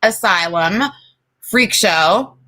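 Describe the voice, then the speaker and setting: A woman's voice: medium pitch, very slow, bright, forceful tone. A woman co-hosting a podcast, chatting casually, blunt and opinionated and swearing freely. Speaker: podcast co-host. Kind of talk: casual chat.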